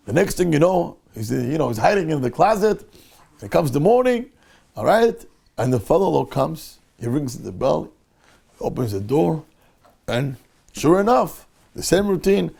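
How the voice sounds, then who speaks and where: A man's voice: a little high, a little slow, gravelly, breathy edge. A male rabbi teaching a Torah class, telling a story with animation and acting out the people in it. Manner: animated storyteller who acts out the people in his tale.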